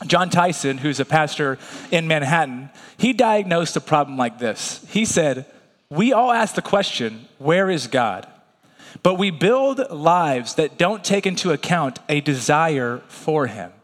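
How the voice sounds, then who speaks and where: Young male guest preacher, slightly high voice, relaxed and self-mocking, church reverb. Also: a little slow. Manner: conversational and self-deprecating, with casual fillers. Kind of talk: sermon. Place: church sanctuary.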